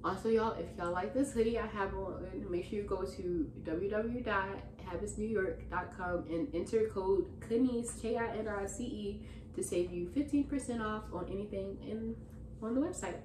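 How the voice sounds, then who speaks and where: A young woman chatting casually in a vlog Q&A, relaxed and slangy, in a room full of stuffed animals. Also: medium pitch, moderate pace, background noise. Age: young adult. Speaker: vlogger. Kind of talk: casual Q&A chat. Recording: roomy echo.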